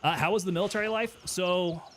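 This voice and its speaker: A man's voice: high-pitched, brisk, fairly bright tone, slight background noise. A man streaming a military shooter game, thinking aloud in a casual chat and answering viewers' questions. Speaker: gaming streamer and Army veteran. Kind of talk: casual live gameplay commentary.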